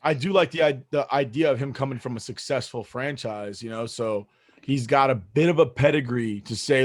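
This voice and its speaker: A man's voice: mid-range voice, normal speed, no room sound, clean studio sound. A man co-hosting a casual sports podcast, rambling and profane with a joking streak. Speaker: podcast co-host.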